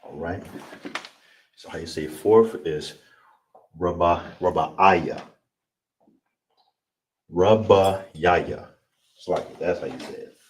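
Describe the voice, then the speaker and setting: A man teaching a language class, breaking words into syllables and repeating each one slowly. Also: sits low, darkish tone. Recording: distant mic with clear background noise.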